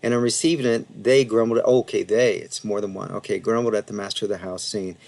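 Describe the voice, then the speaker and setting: A man giving a casual Bible lesson, talking through a passage with frequent fillers and asides and sounding out Greek words slowly. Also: on the low side, steady tone, vocal fry, a little mellow. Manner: conversational, many fillers and asides, reads Greek haltingly. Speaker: Bible teacher. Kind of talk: casual teaching presentation.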